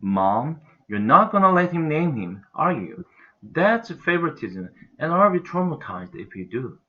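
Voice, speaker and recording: A man reads out a whiny, sarcastic young boy with a Korean accent, his voice pushed higher than his own. The recording is dull and lo-fi. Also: big pitch swings, unhurried, bright, forceful tone, full character voice. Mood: whining. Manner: complaining, insistent.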